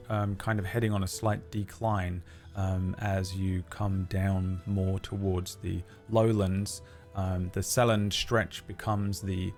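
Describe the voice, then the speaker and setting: A man running a tabletop game as game master, describing scenes in an unhurried way with many fillers. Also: lowish voice.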